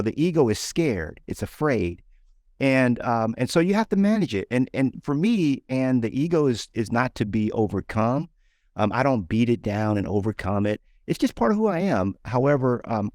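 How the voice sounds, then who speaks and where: A man of medium pitch talks in a relaxed interview, dry and close, with no room sound. He acts out his inner voice with lively shifts and stumbles over repeated words as he restarts. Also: moderate pace, no room sound. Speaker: guest entrepreneur and author. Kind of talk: casual conversational interview.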